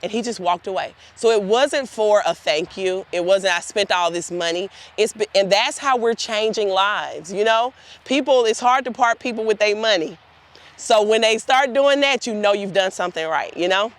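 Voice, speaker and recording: A woman's voice: mid-range voice, normal speed. Earnest woman guiding a cemetery tour. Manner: earnest, heartfelt storytelling addressing the group directly. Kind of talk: guided tour talk to volunteers. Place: outdoors in a cemetery.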